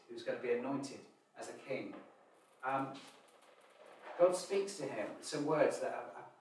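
A man preaching a sermon, acting out voices in his stories. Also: a little high. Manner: animated, acts out children's whiny voices. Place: church hall. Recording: echoey hall, distant mic, faint noise.

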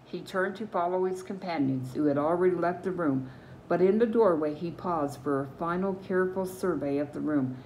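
Low-voiced older Newfoundland woman reading aloud. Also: moderate pace, slight background noise, poor audio. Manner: steady storytelling with small slips and self-corrections. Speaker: reader.

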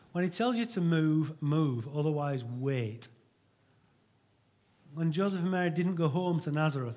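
A man's voice: on the high side, a little mellow. A middle-aged man preaching a sermon to his church in an earnest, conversational way, often restarting his sentences.

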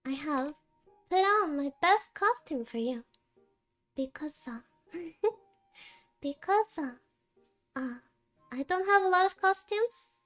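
A woman's voice: sits high, lively intonation, takes it slowly, long pauses, fairly bright tone, faint music behind. A woman VTuber chatting casually to her viewers while gaming, cutesy and giggly, with a tired, sleepy voice. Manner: giggly, cutesy, talks to chat with many laughs. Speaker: VTuber streamer. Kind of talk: casual game stream chat.

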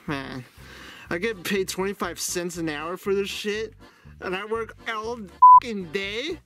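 A woman's voice: medium pitch, slow pace, voice pushed down, lightly acted. A woman voicing a weary, underpaid male plush chef who sighs, grumbles and swears. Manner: sighing, grumbling, foul-mouthed.

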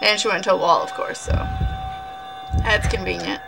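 A woman's voice: mid-range voice, steady tone, a little fast, creaky, long pauses, rough recording. A woman casually commentating a horror game, jumpy and swearing, shrieking at scares and talking to the ghosts on screen. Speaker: gaming channel host. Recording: music playing over the voice.

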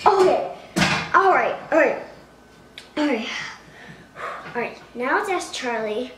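A woman's voice: high voice, expressive, takes it slowly, pauses often, far from the mic, background noise. Playful woman vlogging in an echoey room. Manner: mock-dramatic, playful, exaggerated gasps and alarm. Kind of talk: comedic spoof vlog. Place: at home indoors.

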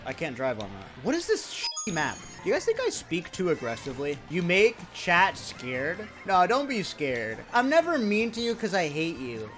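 An excitable young Indian man talks with his stream viewers while playing, in casual livestream chat. His high voice swings widely, leaping from shouting bursts to mutters, and he jokes and swears freely.

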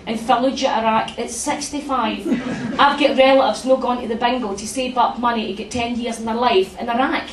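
A woman's voice: on the high side, brisk, hardly any pauses, slight background noise. Sweary Glaswegian woman doing stand-up. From Glasgow, Scotland. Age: 40s. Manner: brash, sweary, deadpan storytelling. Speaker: stand-up comedian. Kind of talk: stand-up comedy set. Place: theatre room at a comedy festival. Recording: echoey, distant venue sound. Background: audience laughter.

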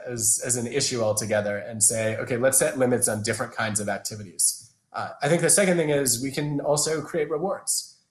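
A man's voice: mid-range voice, fairly quick. Man explaining in an echoey room. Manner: thoughtful, explanatory, with frequent restarts. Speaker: guest, organizational psychologist. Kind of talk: conversational interview answers.

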